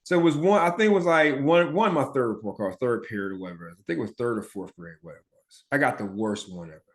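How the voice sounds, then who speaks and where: A man's voice: medium pitch, lively intonation, fast. A man from Philadelphia hosting a podcast and telling his own story in a blunt, chatty way, with profanity and the occasional stutter or mumbled word. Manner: stutters and mumbles now and then. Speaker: podcast host. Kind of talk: casual personal storytelling.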